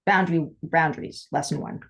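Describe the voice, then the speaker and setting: A woman co-hosting a podcast in a casual, heartfelt chat. Her voice sits on the low side, and she talks candidly, doubling back on her words and acting out what she once said. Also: fairly even intonation, brisk. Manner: candid, rambling with frequent restarts and quoted asides. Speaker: podcast co-host.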